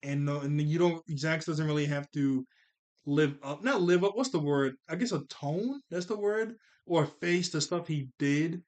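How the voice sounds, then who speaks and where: A man with a slightly high voice talks through a cartoon episode in a loose, unscripted way. He rambles, starts sentences over and leans on filler words. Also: unhurried, darkish tone. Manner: rambling, with many fillers and restarts. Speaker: cartoon reviewer. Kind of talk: casual spoken review.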